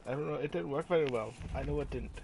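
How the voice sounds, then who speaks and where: A man's voice: fairly high pitch, fast talker, gravelly, background noise. A man hosting a gaming channel, giving playful, rambling let's-play commentary and joking about himself. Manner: playful, rambling, self-mocking.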